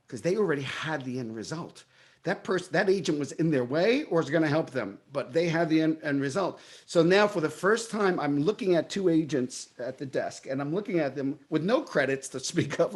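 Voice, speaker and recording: A middle-aged man with a New York accent tells his story in a casual interview. His voice sits slightly high for a man. He throws himself into the remembered dialogue, acting out each part with energy. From Brooklyn, New York. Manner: animated, acts out his own past dialogue. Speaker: guest.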